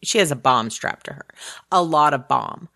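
A woman casually recapping a movie with a friend, animated and sarcastic, swearing freely. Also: rumbling low, normal speed, vocal fry. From Houston area. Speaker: podcast co-host.

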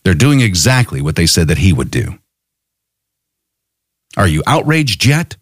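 A man's voice: deep voice, big pitch swings, unhurried, no room sound, studio quality. An angry man hosting a podcast, delivering an impassioned, profane political monologue full of rhetorical questions. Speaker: podcast host.

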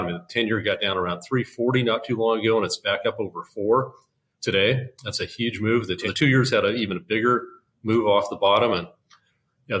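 An older man with a fairly low voice explains things patiently as a guest in an interview. He talks in a measured way, often pausing on fillers and starting sentences over. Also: fairly bright tone, low-quality recording. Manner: measured, frequent fillers and restarts. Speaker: investment officer, guest.

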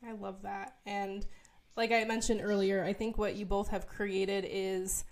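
A woman's voice: medium pitch, little pitch movement, a little slow. A woman hosting an interview, encouraging her guests and asking long questions with many fillers. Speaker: interview host.

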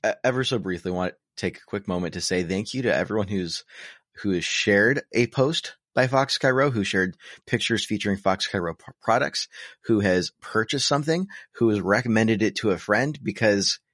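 This man co-hosts a podcast and keeps things casual, wandering off topic and mocking himself with sarcastic jokes. He speaks at a moderate pace in a fairly low, slightly bright voice. The studio recording is clean and dry.

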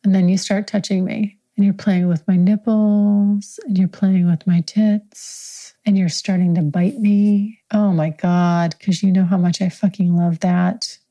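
A woman's voice: medium pitch, level tone, measured pace, dark tone. A woman host improvising an erotic story in the second person, intimate, frank and profane, lingering on her words. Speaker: podcast host.

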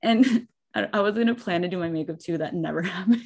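A woman's voice: on the low side, brisk. A young woman co-hosting a podcast, chatting casually and animatedly with lots of "like". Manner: chatty and animated, heavy use of "like". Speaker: podcast co-host. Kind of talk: casual chat, storytelling.

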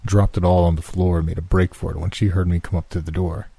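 A man narrating a first-person scary story in a slow, measured, suspenseful reading. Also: sits low, little pitch movement, warm tone, breathy edge, no echo.

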